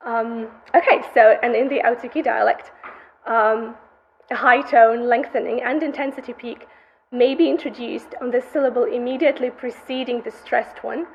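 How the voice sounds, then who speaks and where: A woman's voice: a little high, steady tone, moderate pace. A young woman, a graduate student, presenting her research in a methodical academic conference lecture, heard through a dull, muffled recording. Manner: methodical, explanatory delivery.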